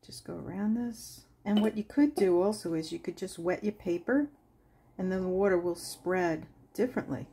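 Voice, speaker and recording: A woman's voice: lowish voice, normal speed, warm tone, slightly rough. A woman hosting a watercolor craft tutorial, chatting casually and laughing as she tells stories while she paints. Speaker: craft channel host.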